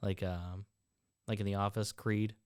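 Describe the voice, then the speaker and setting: A young woman chatting casually on a podcast, easygoing and quick to laugh, often quoting imagined reactions. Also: extremely low pitch, level tone, darkish tone, no room sound, studio quality.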